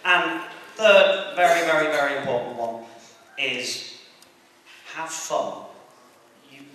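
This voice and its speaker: A young English man doing a crude, rambling stand-up comedy set on a convention stage, mocking himself and shouting to the crowd. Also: a little high, takes it slowly. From England. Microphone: distant camera. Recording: echoey hall, taped from far off, noisy. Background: audience laughter.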